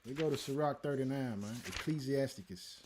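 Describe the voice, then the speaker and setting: A man's voice: medium pitch, a little fast, background noise. Laid-back man hosting a scripture livestream. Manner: laid-back, talks to the chat, calls listeners man and y'all. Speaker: livestream host teaching scripture. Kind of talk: casual livestream talk and scripture teaching.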